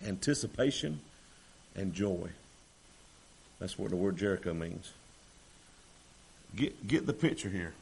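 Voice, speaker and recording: Preacher guy, folksy, gets loud and fired up at times. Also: sits low, expressive, unhurried, gravelly, long pauses, slightly rough. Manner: folksy, rising to fervent shouts. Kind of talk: sermon.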